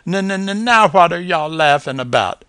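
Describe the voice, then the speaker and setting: A high, stammering little possum boy with a drawl, played in a storybook reading, as a man puts him on. He trips over his words, his pitch swoops all over the place, and the sound is close and dry. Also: expressive, normal speed, sharp tone, no room sound. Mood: puzzled. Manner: stutters, drawling southern speech. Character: small stuttering young male possum.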